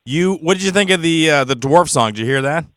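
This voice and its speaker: A man hosting a talk show, energetic and laughing through the banter. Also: on the high side, brisk, no echo, studio quality. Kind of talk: casual chat.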